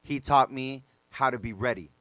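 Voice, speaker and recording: A man's voice: medium pitch, normal speed, a bit bright, no room sound. A man, a DJ guest on a podcast, telling stories casually with loose slang and lots of fillers.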